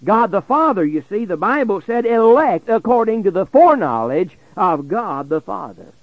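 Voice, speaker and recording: A man preaching a Bible sermon on the radio, reading verses slowly and stressing key words, dropping his voice low at the end of phrases. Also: sing-song, no echo, narrow, tinny audio. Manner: slow emphatic preaching, drops low at phrase ends.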